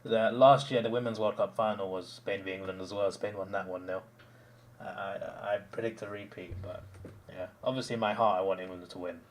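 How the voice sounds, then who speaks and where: A young man hosting a live stream, telling stories in animated casual chat with restarts and bursts of laughter. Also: fairly low pitch, a little fast, a little hiss or hum. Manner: animated storytelling, mimicking others, frequent laughs and restarts.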